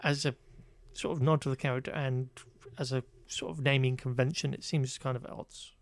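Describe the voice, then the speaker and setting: A man's voice: mid-range voice, fairly even intonation, a little fast. A man co-hosting a casual podcast, recapping a film in a wry, exasperated way with lots of fillers. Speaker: podcast co-host. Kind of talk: casual chat reviewing a film.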